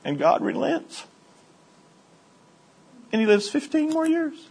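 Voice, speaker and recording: A middle-aged man leads a Bible study lesson in an animated, lively voice. His pitch rises high when the story heats up and sinks low when he turns reflective. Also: slow, pauses often.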